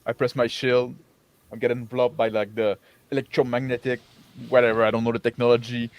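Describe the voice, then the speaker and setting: Brief: mid-pitched male player, casual and jokey, rattling off combat actions. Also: level tone, a little fast. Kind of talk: tabletop game play, combat calls.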